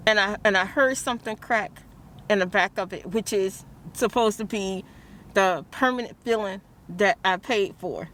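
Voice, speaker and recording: A woman's voice: medium pitch, moderate pace, fairly bright tone, slight background noise. A woman vlogs about her stressful morning, praying aloud and restarting her sentences, out near a car. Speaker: vlogger. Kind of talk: emotional vlog monologue.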